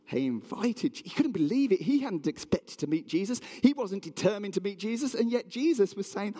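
Lively preacher in an echoing hall. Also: male voice, sits high, moderate pace, few pauses. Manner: animated storytelling, asks the audience questions. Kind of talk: sermon.

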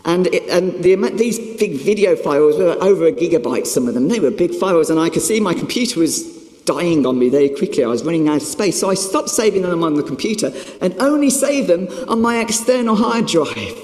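A man's voice: high-pitched, animated, fairly quick, darkish tone. A man preaching a sermon, telling a self-mocking story in an emphatic way. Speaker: pastor. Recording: echoey hall with long reverb.

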